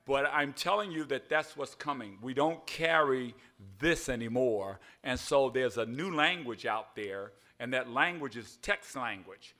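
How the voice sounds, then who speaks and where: A man's voice: medium pitch, measured pace, hardly any pauses, sharp tone. An older man preaching an evening sermon in a folksy way, spelling words out and asking "all right?" again and again. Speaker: pastor.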